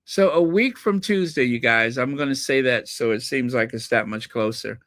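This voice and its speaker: A man's voice: mid-range voice, moderate pace, fairly bright tone, no echo. A man hosting a casual solo gossip vlog, chatting to viewers in a rambling way and repeating words for emphasis. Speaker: royal gossip channel host.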